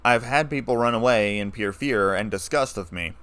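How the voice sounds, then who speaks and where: A man reading a story aloud, playing a scarred, weary ex-soldier who speaks in a low, flat, calm way. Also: moderate pace, clean tone, no echo, lightly acted.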